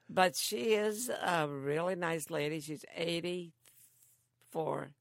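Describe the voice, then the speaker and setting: An older woman living in a care home, chatting slowly and telling stories with frequent laughs. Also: on the low side, gravelly, no room sound. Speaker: interviewee, grandmother. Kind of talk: casual chat.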